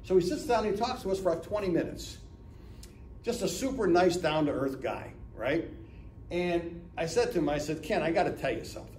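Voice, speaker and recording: A guest speaker at a business lunch talk, this Northeast Ohio man in his seventies tells stories in a chatty way, acting out dialogue and frequently asking "right?". His fairly high, slightly mellow voice moves at a moderate pace, recorded from afar in an echoey room with a little hiss or hum.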